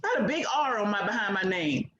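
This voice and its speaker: A woman's voice: medium pitch, animated, fast talker, roomy sound, lo-fi sound, a loud crowd. A woman in her sixties giving a bold, preacher-like motivational speech to an audience of women. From United States. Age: 60s. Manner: bold, preacher-like, mimics others. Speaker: guest speaker.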